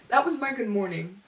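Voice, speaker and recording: A young woman co-hosting a podcast in casual chat, candid and slangy, laughing often. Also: on the high side. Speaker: podcast co-host. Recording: echoey room, far from mic.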